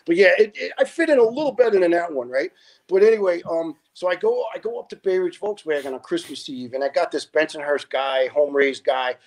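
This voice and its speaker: A man, a retired firefighter telling lively stories as a podcast guest and acting out the people in them. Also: brisk. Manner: animated storyteller who acts out quoted people with big pitch jumps. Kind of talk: storytelling in a podcast interview.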